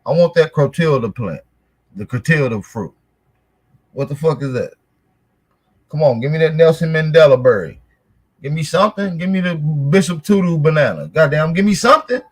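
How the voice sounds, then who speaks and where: A man's voice: on the high side, animated, normal speed, long pauses. Brash trash-talking male livestream host. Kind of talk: casual profane livestream banter.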